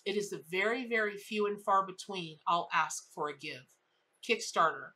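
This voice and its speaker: A woman's voice: mid-range voice, moderate pace, pushed and bright. A woman tarot reader telling a story in a casual reading, emphatic and full of repetition.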